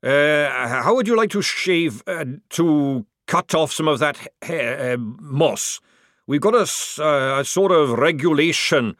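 A flustered male sergeant who stammers, hedges and flatters, his voice pitched up and pushed loud , as a man puts him on in a storybook reading. He swings between quick fawning and hasty backpedalling, heard up close with no room sound. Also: no echo. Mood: nervous.

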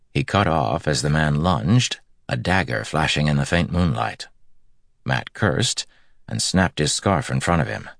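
A man narrating a story in an audiobook, with steady, measured storytelling. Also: very deep voice, creaky, dry recording, studio quality. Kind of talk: scripted narration.

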